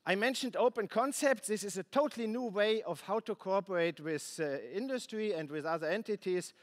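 A man heading a space agency gives a conference keynote, halting and restarting often, with dry asides. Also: high voice. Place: conference plenary hall.

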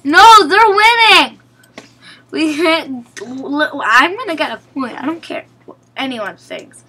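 A woman's voice: sits high, animated, measured pace, sharp tone. A young woman commentating her own gameplay, pleading with and scolding her teammates in exasperation. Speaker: gaming video creator.

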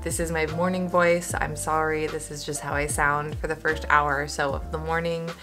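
A woman's voice: low-pitched, little pitch movement, normal speed, music in the background. A young woman sewing vlogger chatting casually at home, rambling with fillers and little laughs. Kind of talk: casual vlog.

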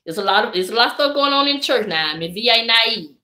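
Bright-voiced Southern woman chatting live. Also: a little high, fast, echoey room. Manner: lively, preachy, talks to viewers directly with "y'all" and "baby". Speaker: vlogger. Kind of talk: casual live-stream chat.

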